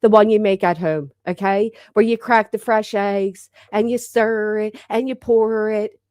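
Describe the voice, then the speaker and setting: Brief: thirties woman, live-stream host, mid-pitched, brash and chatty, swears, teases the chat; close, dry recording. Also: fairly even intonation, measured pace, a little mellow, no room sound. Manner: brash, chatty, swears freely, teasing viewers. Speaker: livestream host. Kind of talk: casual live-chat banter.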